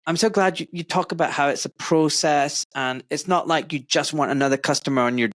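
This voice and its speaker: A man's voice: fairly high pitch, a little fast, a bit bright, no echo. A middle-aged man from Glasgow with a Scottish accent, hosting a podcast and speaking earnestly and effusively, rambling with fillers. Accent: Glaswegian Scottish. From Scotland. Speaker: podcast host. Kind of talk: warm conversational interview.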